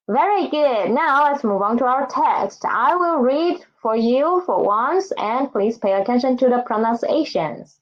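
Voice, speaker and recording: Patient, slow-talking woman language teacher. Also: high-pitched, lively intonation. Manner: patient, repeats words and asks "right?". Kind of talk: slow, careful classroom instruction. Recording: dull, lo-fi recording.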